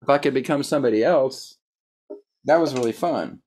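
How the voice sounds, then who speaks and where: A man's voice: medium pitch, moderate pace, a little mellow. A man hosting a casual interview, rambling and self-deprecating, full of fillers and restarts. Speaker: host.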